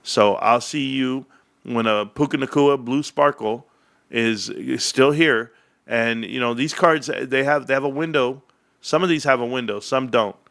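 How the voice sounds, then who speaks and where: Man, livestream host, casual chat, rambling, jokey, slightly gravelly, mid-pitched. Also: a little slow, fairly bright tone.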